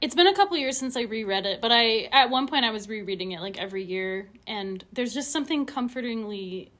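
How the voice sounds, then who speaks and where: Bright, chatty woman hosting a podcast. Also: on the high side, lively intonation. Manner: chatty and quick, with lots of "like". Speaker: podcast host. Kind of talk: casual conversation.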